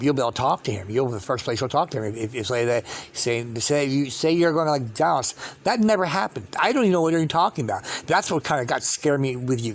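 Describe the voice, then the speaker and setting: Speaking to camera in a mid-range voice, a man tells a long, rambling story. He keeps halting and restarting his sentences.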